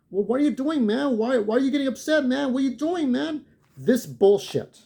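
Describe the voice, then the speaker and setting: A man's voice: fairly high pitch, warm tone. A shaken-up man telling an angry, profane story about a confrontation in a vlog. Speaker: vlogger. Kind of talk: ranting vlog monologue.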